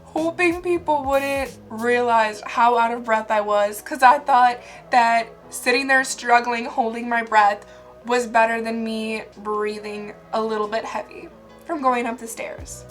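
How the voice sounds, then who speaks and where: A woman's voice: a little high, fairly even intonation, measured pace, faint music behind. A young woman telling funny stories about herself in a casual vlog, chatty and laughing often. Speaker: vlogger. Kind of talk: casual storytelling to camera.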